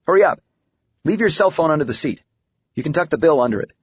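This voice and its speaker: A man voicing a playful middle-aged father who coaxes his daughter along, speaking a little higher than the narration. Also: lively intonation, quick pace, husky, no room sound. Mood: coaxing. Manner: coaxing, lightly raised. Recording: dull, muffled audiobook recording.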